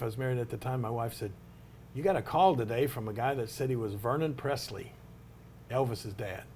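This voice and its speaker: Older man, folksy rambling storyteller, faint low rumble behind. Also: darkish tone. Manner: folksy anecdotal storytelling with many restarts. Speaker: interview subject, retired wrestler. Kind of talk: storytelling in an interview.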